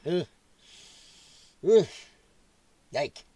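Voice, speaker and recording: A Midwestern US man hosts a casual livestream from home with a dog nearby, reacting to viewer comments. He's loud, swears freely, and laughs often, speaking extremely slowly. The recording is dry.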